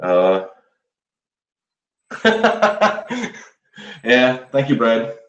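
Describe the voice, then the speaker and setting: A man hosting a casual live show, chatting in a relaxed, rambling way with his viewers while he shaves. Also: low voice, measured pace. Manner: relaxed, rambling, chuckles often, talks to viewers. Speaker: livestream host. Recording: roomy dull lo-fi sound.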